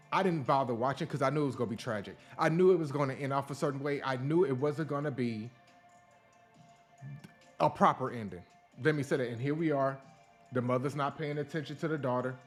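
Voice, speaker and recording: Male podcast host, blunt, profane, ranting commentary, faint background music. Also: fairly high pitch. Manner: blunt, profane, animated rants. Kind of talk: casual opinion commentary.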